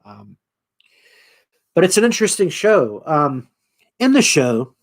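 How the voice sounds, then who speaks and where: A man's voice: on the high side, very animated, slow pace. A man hosting his own channel, casually retelling a show in a rambling, profane way with lots of fillers. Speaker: channel host.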